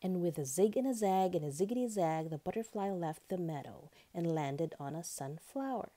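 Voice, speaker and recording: Woman storyteller, children's story, sing-song, lively pitch, mellow dark tone. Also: moderate pace. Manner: sing-song, expressive narration.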